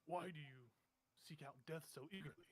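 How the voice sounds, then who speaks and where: A man's voice: on the high side, normal speed, breathy edge. A man doing a cold, menacing stranger. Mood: ominous. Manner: cold, threatening, contemptuous. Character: menacing mysterious man in mariner's clothes.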